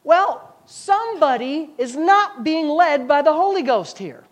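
Male pastor with a very high voice, emphatic repeating preacher style. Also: expressive, measured pace. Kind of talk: sermon.

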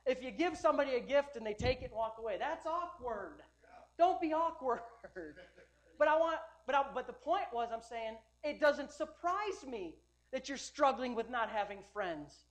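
A man preaching a sermon as pastor, emphatic, swinging between loud urging and quiet storytelling, often repeating words and restarting sentences. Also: very high-pitched, expressive, moderate pace.

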